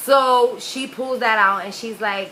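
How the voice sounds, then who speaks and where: Bright-voiced woman telling a story. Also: fairly high pitch, a little slow, slight background noise, rough recording. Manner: frank, profane, animated storytelling. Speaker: vlogger. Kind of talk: casual storytime.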